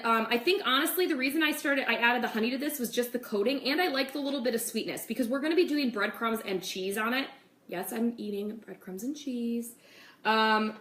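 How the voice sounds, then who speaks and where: A young woman with a slightly bright, higher voice hosts a relaxed cooking demo in her home kitchen. She keeps up a chat with viewers, sprinkling in "like" and "okay" a lot, while the echoey room adds faint noise.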